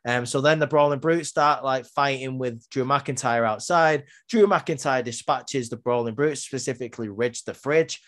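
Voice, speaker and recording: A man giving a casual, chatty review of a wrestling show, full of filler ums and quick asides. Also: medium pitch, a bit bright. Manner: chatty, many filler ums, acts out quotes. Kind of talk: casual recap and opinion.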